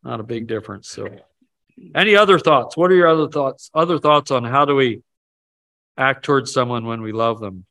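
A man's voice: mid-range voice, moderate pace, creaky, bright, forceful tone. A man leading a casual Bible study, talking in a rambling, self-deprecating way and asking the group questions.

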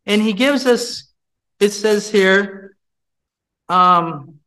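A man's voice: sits high, drawn-out words, pushed and bright, poor audio. A man leading a Bible study, teaching from scripture, repeating his points and putting questions to the group.

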